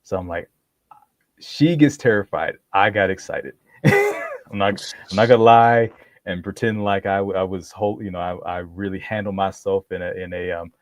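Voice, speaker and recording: A man's voice: deep voice, moderate pace, no echo. A man hosting a podcast, telling a story in casual chat, laughing often and acting out what people said. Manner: animated, laughs often, acts out quoted voices. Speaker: podcast host.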